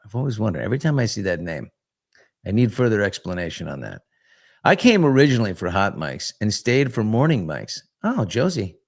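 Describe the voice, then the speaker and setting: A man's voice: on the low side, very animated, a little fast, gravelly. A middle-aged man hosting a live morning chat show, talking loosely and candidly with viewers and rambling through stories with restarts. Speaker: talk show host.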